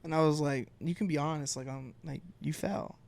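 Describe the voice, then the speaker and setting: A man's voice: fairly high pitch, normal speed, creaky. A young man on a podcast telling a story in casual chat, acting out the people he quotes. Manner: animated storyteller, acts out quoted voices. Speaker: podcast co-host.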